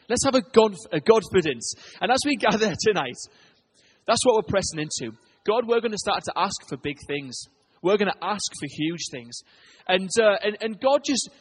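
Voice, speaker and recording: A pastor preaches to his congregation in a lively storytelling way. His voice sits fairly high for a man and has a husky edge. He pushes some lines loud and urgent and drops others to a near hush. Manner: animated storytelling preacher, swings between loud and hushed. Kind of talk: sermon.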